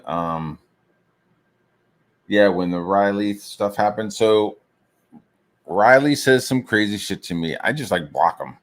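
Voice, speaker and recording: Low voiced dude rambling and cussing while drawing comics, lots of like and you know. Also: male voice. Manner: profane, rambling, heavy on filler words. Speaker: streamer and comic artist. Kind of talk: casual rambling rant.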